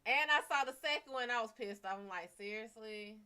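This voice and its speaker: A woman's voice: on the high side, quick pace, bright, forceful tone, clear, resonant tone. A woman with a Cajun-tinged accent, chatting casually on a livestream as a psychic reader, rambling and profane with laughing asides.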